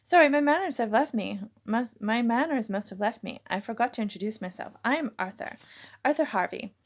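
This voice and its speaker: A woman voicing a charming, smitten young male violinist who talks softly and earnestly, stumbling now and then. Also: fairly high pitch, expressive, brisk.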